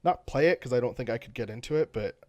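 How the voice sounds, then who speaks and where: A man's voice: mid-range voice, fast, darkish tone, dry recording, lo-fi sound. A man co-hosting a gaming podcast, talking in a loose, rambling way full of fillers and restarts. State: has the hiccups. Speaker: podcast co-host. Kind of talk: casual chat.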